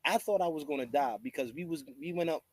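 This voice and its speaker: A man's voice: fairly high pitch, fast talker, darkish tone, poor audio. A man hosting a live talk show, telling stories casually in street slang and acting out the voices of people he quotes. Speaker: host. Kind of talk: casual storytelling chat.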